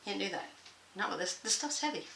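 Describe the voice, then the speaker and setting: A woman's voice: medium pitch, lively intonation, fairly quick, gravelly, pushed and bright. A woman, hosting a casual sewing vlog from her sewing room, folksy and rambling with frequent laughs. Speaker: sewing channel host. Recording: echoey room, faint noise.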